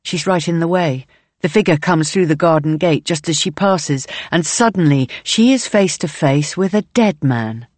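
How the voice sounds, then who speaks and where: A woman reading a novel aloud in measured, present-tense audiobook narration. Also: deep voice, a little mellow, no echo.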